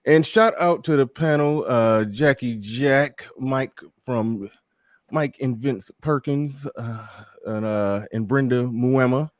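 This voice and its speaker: This man's casual live talk show is full of jokes, cursing, and laughter at his own stories while he chats with viewers. He speaks slowly at a medium pitch. The sound is clean studio audio without any room sound.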